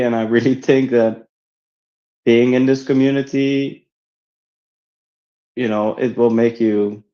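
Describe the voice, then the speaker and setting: A man in casual chat on a live audio space, earnest and reassuring, halting with many fillers. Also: medium pitch, dark tone. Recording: slightly dull lo-fi audio.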